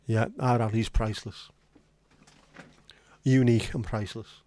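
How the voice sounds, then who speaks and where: A man's voice: fairly low pitch, fairly even intonation, normal speed, a little mellow, dry recording. A man hosting a casual livestream chat, rambling and reading out viewer comments. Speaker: livestream host.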